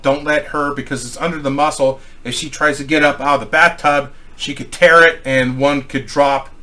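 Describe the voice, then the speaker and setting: A middle-aged man telling a crude personal anecdote in a rambling, profane, animated way. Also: medium pitch. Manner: profane, rambling, animated storytelling with acted quotes. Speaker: storyteller.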